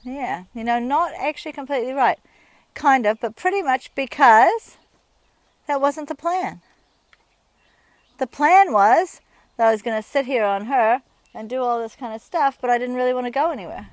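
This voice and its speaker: A riding instructor with a high female voice talks at normal speed from horseback, outdoors at a rural horse yard. She explains things in a friendly, chatty way using everyday examples, and the recording is dry.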